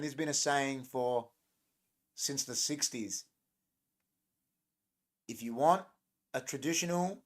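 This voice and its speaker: Rambling man on a livestream. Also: on the high side. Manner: rambling, joking, reacting to chat comments. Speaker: livestream host. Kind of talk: casual live-stream chat.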